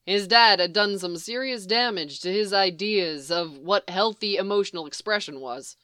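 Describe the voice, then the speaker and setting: Woman narrator, story reading, smooth clear voice, dry close sound. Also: mid-range voice, normal speed, pushed and bright, dry recording. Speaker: reader. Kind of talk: reading fan fiction aloud.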